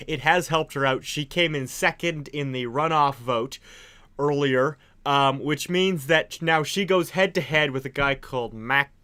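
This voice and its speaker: A man's voice: mid-range voice, sharp tone, clear, resonant tone. A young man co-hosting a casual political chat, talking in a chatty, hedging way and laughing often. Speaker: co-host.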